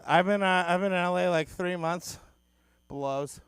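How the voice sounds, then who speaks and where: A man's voice: sits high, measured pace, a bit bright, smooth, dry recording. A young man from Boston doing a crude, self-mocking stand-up set on a club stage into a handheld mic. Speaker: stand-up comedian.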